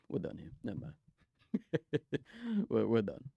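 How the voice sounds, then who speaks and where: A young man chatting excitedly on a live stream, giggling often and talking in loose slang. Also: on the low side, slow pace, gravelly, dry recording, lo-fi sound. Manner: excitable, giggly, slangy, keeps saying "bro". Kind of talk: casual live-stream chat. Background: faint music.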